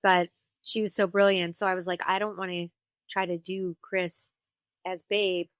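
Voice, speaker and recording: A woman voice actor and singer chatting as an interview guest, telling stories in an animated way and slipping into character voices. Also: fairly low pitch, normal speed, clean tone, no echo. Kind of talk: casual interview chat.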